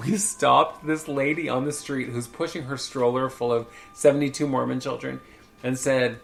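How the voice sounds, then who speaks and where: Campy gravelly male storyteller. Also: medium pitch, fairly even intonation, moderate pace, a bit bright. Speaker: podcast host. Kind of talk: casual chat storytelling.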